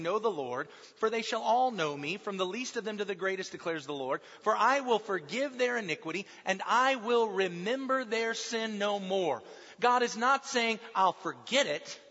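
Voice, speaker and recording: A man delivers a sermon from the pulpit in a high, bright voice. He presses hard on his main points and falls soft and slow when he quotes. The sound is dull and muffled, with a long echo around a large hall. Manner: emphatic, drops soft and slow for quoted lines. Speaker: pastor.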